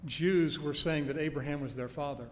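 Preaching man with a slightly high voice in a reverberant hall. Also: moderate pace. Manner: earnest teaching with emphatic stresses and homely anecdotes. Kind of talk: expository sermon. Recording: long hall reverb with faint low rumble.

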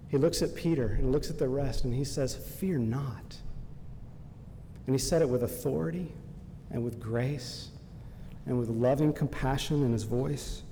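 A man pastor preaching a sermon earnestly, slowing down for emphasis and softening his voice for quotations. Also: medium pitch, long reverb tail, slight background noise.

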